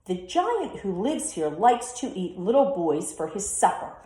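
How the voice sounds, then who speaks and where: A kind castle cook urgently warns and gently scolds, as a woman reading a story puts her on. She speaks slowly with a lively lilt. The room echoes around her. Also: mid-range voice. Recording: roomy echo.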